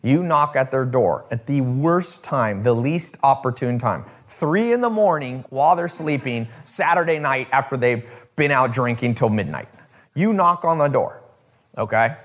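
A man's voice: mid-range voice, expressive, measured pace. A man hosting a casual talk to his viewers, rambling with restarts and swearing, acting out the people he quotes. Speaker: host.

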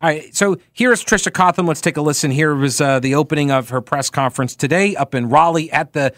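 Man, talk radio host, sarcastic and mocking, high voice, dry close sound. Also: fairly quick, dry recording. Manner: mocking, wry, animated interjections. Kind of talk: sarcastic political commentary.

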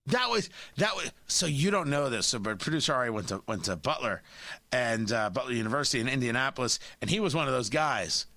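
A man hosting a talk radio show, talking in an animated, opinionated way into a studio microphone. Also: medium pitch, quick pace, no room sound.

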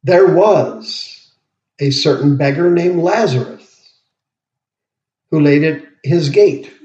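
Slow-preaching man, roomy dull sound. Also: a little high, darkish tone. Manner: slow, deliberate, pauses to explain words. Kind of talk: verse-by-verse sermon teaching. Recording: roomy, dull lo-fi podcast audio.

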